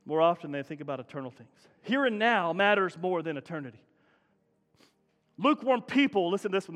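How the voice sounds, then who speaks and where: A man's voice: high-pitched, a bit bright, big-room sound. A middle-aged man, a pastor, preaching a sermon in a conversational way that climbs into emphatic bursts, recorded in a church. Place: church sanctuary.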